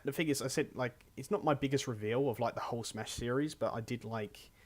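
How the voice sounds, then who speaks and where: A man's voice: mid-range voice, a little fast. Rambling man hosting a casual podcast. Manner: rambling, self-correcting, chuckling. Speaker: podcast host. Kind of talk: casual chat.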